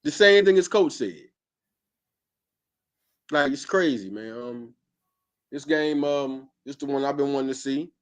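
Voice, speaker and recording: A man's voice: medium pitch, a little slow, pauses often, clean tone. A man hosting a sports podcast, arguing emphatically and repeating his points in casual speech. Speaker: podcast host.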